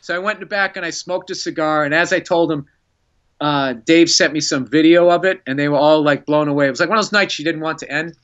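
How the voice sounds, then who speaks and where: A man, a stand-up comedian, telling an animated story with laughs. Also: fairly high pitch, muffled recording. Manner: animated, laughing, fast-paced anecdote telling.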